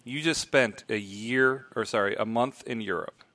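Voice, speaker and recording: A man's voice: medium pitch, normal speed, pushed and bright, dry recording. A man co-hosting a casual podcast chat, teasing and jokey in tone. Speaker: podcast co-host.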